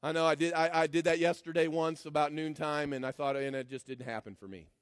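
A man preaching a sermon as pastor, swinging from shouted declarations to low, mocking asides. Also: fairly even intonation, fairly quick, clear, resonant tone, dry recording, studio quality. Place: church.

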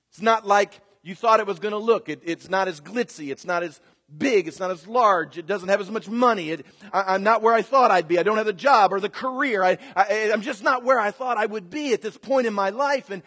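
A pastor in his fifties preaching a sermon, moving from easy conversational talk to loud, repeated exhortations. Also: high-pitched, big-room sound. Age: 50s. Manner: builds from conversational to shouted preaching.

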